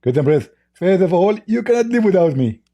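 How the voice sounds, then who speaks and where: A man putting on a high, huffy voice to mock a boastful, indignant male debate opponent. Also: big pitch swings, fairly quick, mellow, muffled recording. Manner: high, huffy, self-important mimicry.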